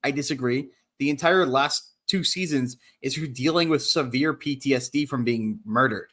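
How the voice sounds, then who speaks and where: Casting: male podcast guest, mid-pitched, matter-of-fact opinions. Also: normal speed, a bit bright. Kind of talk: casual group chat.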